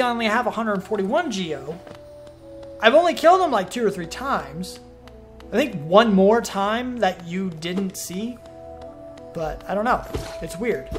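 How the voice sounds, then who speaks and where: A man's voice: high voice, fairly bright tone. A man streams a game and keeps up loose, chatty commentary to his audience. He talks to himself and reacts to what happens on screen. Faint game music plays underneath him. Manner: chatty, self-talking, easily surprised. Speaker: gaming streamer. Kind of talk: let's play commentary.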